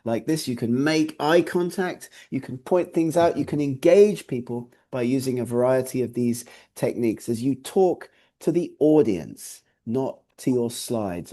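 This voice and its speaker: Co-presenting a webinar over a video call, a man with a warm, medium-pitched voice delivers presentation training. His tips are emphatic and instructive, and he repeats his key points.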